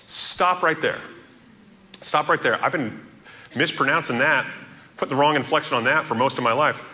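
A man preaching an earnest sermon as a pastor, stressing quoted scripture slowly and emphatically. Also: medium pitch, animated, bright, forceful tone.

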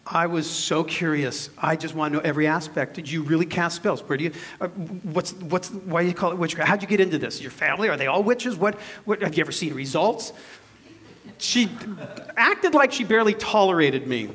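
A pastor in his fifties preaches a sermon, telling a personal story in a jokey, self-deprecating way. He is animated, swinging between loud and soft, and his voice is on the high side, husky, and fairly quick.

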